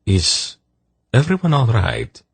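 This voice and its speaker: A man voicing a small, quick-eyed male thief in an audiobook, brisk and keen. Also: mid-range voice, huge pitch swings, gravelly, breathy edge, no echo, pitched above the performer's own voice, heavily acted.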